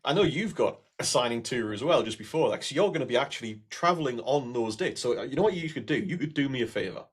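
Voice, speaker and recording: Husky, quick-talking man. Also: medium pitch, lively intonation. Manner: dry, self-mocking. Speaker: guest author and publisher. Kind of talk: casual podcast chat.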